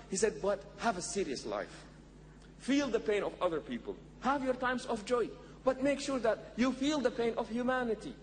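A man giving an earnest sermon, asking rhetorical questions and quoting sayings in Arabic. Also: high voice. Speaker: preacher. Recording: echoey hall with faint noise.

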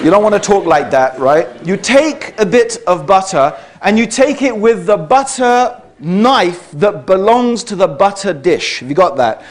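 British male speaker with a high voice, addressing a live audience in a chatty lecture style. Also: expressive, measured pace, few pauses, slight background noise. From Britain. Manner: conversational, checks in with the audience. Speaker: speaker giving a talk to an audience. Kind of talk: public lecture.

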